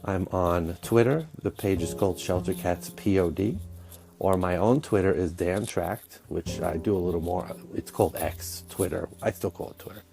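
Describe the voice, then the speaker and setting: Male podcast host, low mellow voice gone scratchy, chatty and upbeat, faint music under him. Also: normal speed, gravelly. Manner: chatty, enthusiastic, self-deprecating. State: scratchy voice, getting over illness. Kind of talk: solo podcast intro.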